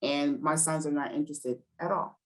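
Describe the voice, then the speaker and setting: Fast-talking woman with a New Jersey accent. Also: deep voice, steady tone, low-quality recording. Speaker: educator and guest. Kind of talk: casual podcast interview.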